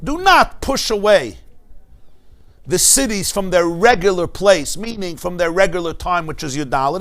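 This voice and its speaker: A rabbi leads a Talmud lesson in a synagogue, his fairly high voice climbing sharply on emphatic points and dropping for quiet asides. He explains step by step, turning to his listeners with rhetorical questions. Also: moderate pace. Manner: animated, rising to emphatic peaks, rhetorical asides. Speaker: rabbi teaching Talmud class. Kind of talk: Talmud lecture to a congregation. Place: synagogue class.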